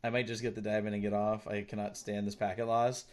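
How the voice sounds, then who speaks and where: A man's voice: on the low side, little pitch movement, fast talker, a little mellow. A male game streamer chatting casually while playing, thanking viewers and teasing his friends. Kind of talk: casual live-stream chat while gaming.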